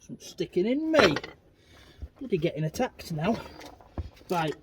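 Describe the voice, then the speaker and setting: A man's voice: high-pitched, very animated, measured pace. Grumbling man, noisy recording. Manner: grumbling, self-mocking muttering to himself. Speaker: home mechanic vlogger. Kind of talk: muttering commentary while working. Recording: loud background noise, workshop clatter.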